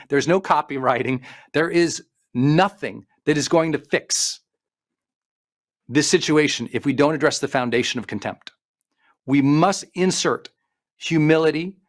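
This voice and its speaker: A middle-aged man, a performance coach, giving an emphatic motivational talk with slowed-down stresses and listed points. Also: on the high side. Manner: emphatic, preachy delivery with slowed stresses and lists.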